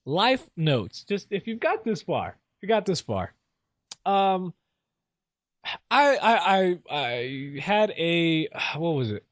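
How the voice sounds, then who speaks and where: A man's voice: high voice, big pitch swings, takes it slowly, no echo, clean studio sound. A young man hosting a solo sports show, rambling casually and mocking himself as he rants. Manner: casual, rambling, self-mocking, laughs often. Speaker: sports podcast host.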